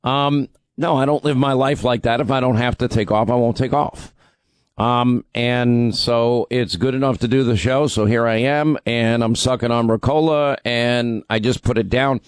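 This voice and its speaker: A man hosting a radio talk show, hoarse from talking too much, rambling and restarting his sentences. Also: mid-range voice, fairly even intonation, moderate pace, dry recording. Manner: rambling, self-interrupting, stammers on restarts. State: hoarse, strained voice from overuse. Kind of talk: casual talk radio monologue.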